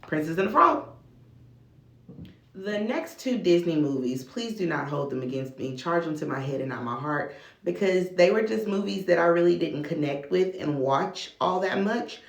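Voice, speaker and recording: A woman talking casually to camera as a video blogger, chatty and relaxed, with casual slang. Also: lowish voice, moderate pace. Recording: echoey room.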